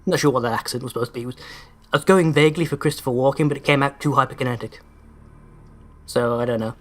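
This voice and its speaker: A man's voice: mid-range voice, fast talker, a bit bright. A man giving casual gameplay commentary in a sardonic, sweary way, over-pronouncing his words. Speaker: let's play host.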